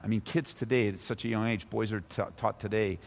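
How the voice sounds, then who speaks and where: A male pastor preaching a sermon, his voice swinging between loud, high emphasis and low, hushed stretches. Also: steady tone, a little fast, vocal fry. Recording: long reverb of a large hall.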